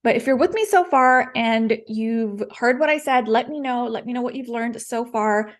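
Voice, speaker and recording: A woman's voice: fairly high pitch, moderate pace. A woman coaching public speaking in a live-streamed lesson, direct and encouraging, repeating her key points.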